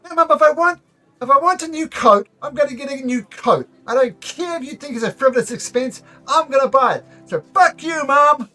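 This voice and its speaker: A man's voice: extremely high pitch, a little fast, bright, forceful tone, soft background music, pitched above the performer's own voice. A man voicing a spoiled nobleman in his twenties, throwing a whiny, shrieking tantrum at his mother. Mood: bratty shouting. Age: 20s.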